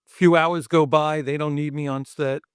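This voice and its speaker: A middle-aged man from Brooklyn, guest on a podcast, telling an animated, profane anecdote. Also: fairly high pitch, normal speed, clear, resonant tone, dry recording, clean studio sound. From Brooklyn, New York. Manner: animated, profane storyteller acting out quotes. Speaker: guest, special effects artist. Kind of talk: storytelling anecdote in a podcast interview.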